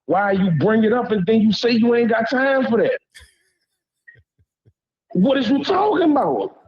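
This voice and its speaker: Southern guy calling in, fired up, pretty high voice, muffled lo-fi line. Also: animated, unhurried, husky. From Louisiana. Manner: heated, repeats "you hear me", blunt slang. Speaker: caller on a panel. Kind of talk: heated call-in rant.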